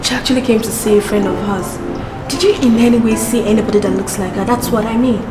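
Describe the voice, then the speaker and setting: A woman's voice: fairly high pitch, quick pace, close to an everyday voice. An actress with a Nigerian accent playing a worried woman asking about her missing friend. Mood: anxious. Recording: echoey room with music.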